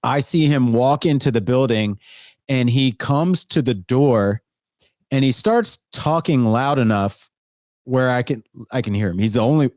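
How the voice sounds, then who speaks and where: A laid-back young man co-hosting a casual podcast, joking and leaning on fillers like "like" and "um". He speaks at an ordinary middle pitch, recorded dry and close. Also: unhurried, darkish tone, no room sound. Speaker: podcast co-host. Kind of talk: casual chat.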